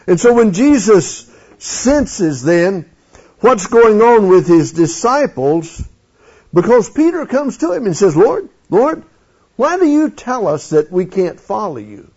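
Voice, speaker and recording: A man preaching a folksy, animated sermon in church, questioning his congregation. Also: high voice, measured pace, slightly rough. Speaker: pastor. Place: church sanctuary. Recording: dull lo-fi sound.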